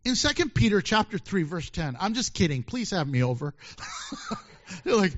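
A pastor preaching a sermon, lively and joking, acting out quoted voices as he reads scripture. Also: sits high, a little slow, pauses often, lo-fi sound.

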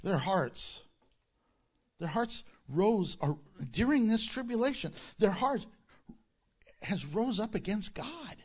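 A man preaching a sermon as pastor, emphatic, asking rhetorical questions and acting out mocking quotes. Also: sits high.

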